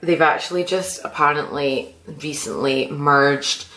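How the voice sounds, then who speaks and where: Woman, low voice, chatty vlog to camera, lively and a bit sweary, roomy echo. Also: a little slow. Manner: chatty and animated, with mild swearing. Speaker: vlogger. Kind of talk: casual chat to camera. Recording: echoey room.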